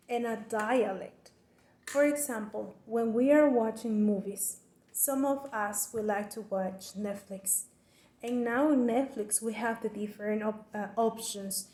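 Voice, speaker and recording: A woman giving a class presentation, explaining with careful, deliberate phrasing and frequent restarts. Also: mid-range voice, dark tone. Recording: echoey room.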